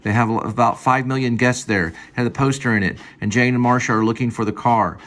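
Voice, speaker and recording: A man casually reading his own screenplay aloud at home, halting and stopping to fix lines. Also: medium pitch, fairly even intonation, fairly bright tone. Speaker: screenplay reader. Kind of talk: casual screenplay read-through.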